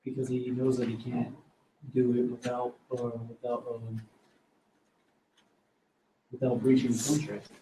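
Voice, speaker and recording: A man's voice: medium pitch, completely flat delivery, a little slow, long pauses, warm tone, a little hiss or hum. A male student hesitantly answering a question in class. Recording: echoey room from far off.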